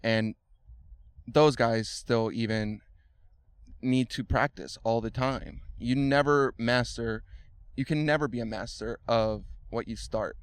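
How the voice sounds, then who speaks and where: A man talking as a podcast guest, explaining things thoughtfully and slowly, with many fillers and restarts. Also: medium pitch, steady tone, smooth, no echo. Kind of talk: casual conversation.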